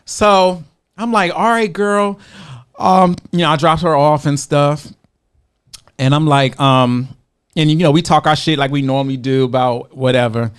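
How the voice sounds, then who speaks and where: Lively, laughing male podcast storyteller. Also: on the high side, moderate pace, smooth. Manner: lively storyteller, acts out quoted voices, laughs often, many fillers. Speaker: podcast co-host. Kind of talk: casual storytelling chat.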